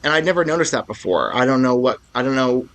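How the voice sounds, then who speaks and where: A man co-hosting a casual podcast about old cult films. He talks with eager enthusiasm and rambles, often backing up to restart a thought. His voice sits at an ordinary middle pitch. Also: animated, fast talker, a bit bright, a little hiss or hum. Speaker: podcast co-host. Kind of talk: casual film-discussion chat.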